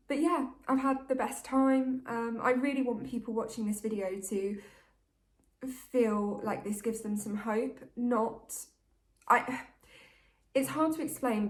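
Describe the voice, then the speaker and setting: A woman's voice: on the high side, fairly even intonation, unhurried, echoey room. A woman, chatting candidly to camera in a casual, open vlog manner. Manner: open, candid and chatty, talking like to a best friend. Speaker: vlogger.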